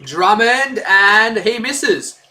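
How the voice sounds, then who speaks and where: A man's voice: high-pitched, expressive, very slow, pushed and bright, a little hiss or hum. A man giving casual, rambling live play-by-play commentary on a stream, chatty and full of fillers. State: out of breath.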